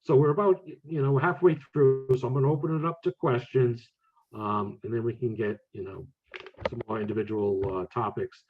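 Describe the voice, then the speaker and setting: Husky man on a tinny line. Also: mid-range voice, moderate pace. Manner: relaxed, chatty, many fillers and restarts. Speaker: medium and author, guest speaker. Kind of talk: casual talk with audience questions. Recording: tinny phone-like audio.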